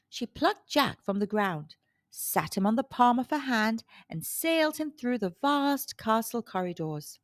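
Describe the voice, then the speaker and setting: A woman storyteller reading a children's storybook aloud with a slow, expressive delivery. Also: a little high, dry recording, clean studio sound.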